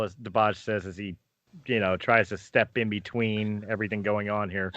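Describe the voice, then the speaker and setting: A man playing a tabletop game in casual talk, joking and quick to laugh. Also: on the low side, flat delivery, a bit bright, no room sound. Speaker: player.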